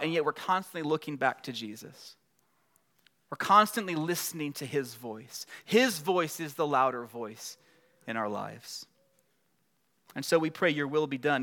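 A man's voice: on the high side, bright, forceful tone. A middle-aged male pastor preaching a sermon in a conversational way, building to emphatic passages.

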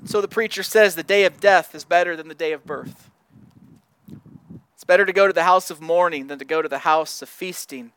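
A man's voice: fairly high pitch, fairly quick, fairly bright tone, clean tone. A man preaching a sermon in an earnest way, often repeating words as he searches for the right phrase. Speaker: pastor.

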